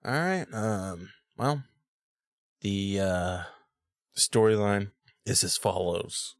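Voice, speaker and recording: A man's voice: lowish voice, lively intonation, takes it slowly, long pauses, dry recording. A man hosting a casual movie podcast, swearing freely, laughing often and reading credits off the cuff. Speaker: podcast host.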